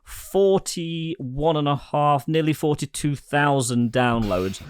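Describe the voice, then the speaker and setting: A man co-hosting a podcast, measured and matter-of-fact with figures. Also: fairly high pitch, a crowd in the background. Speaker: podcast co-host, stats man. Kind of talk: casual podcast banter.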